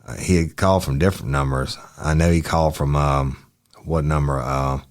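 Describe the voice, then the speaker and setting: A man reading the lines of a young male witness answering detectives in short, halting, deferential replies. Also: extremely low pitch, steady tone.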